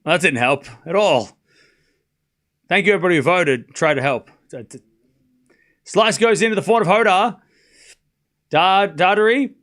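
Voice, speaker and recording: Young guy w a slightly high voice doing laid-back tennis play-by-play on stream, keeps tripping over names. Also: animated, normal speed, long pauses, a bit bright. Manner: chatty and self-mocking, stumbles over names. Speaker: streamer calling a live tennis match. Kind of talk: casual play-by-play watchalong commentary.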